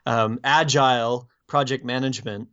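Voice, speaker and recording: A man from the United States, a guest on a podcast, explaining things in a measured way with many fillers. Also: medium pitch, fairly even intonation, bright, forceful tone, clean tone, muffled recording. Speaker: guest, plugin developer. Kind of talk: podcast interview answers.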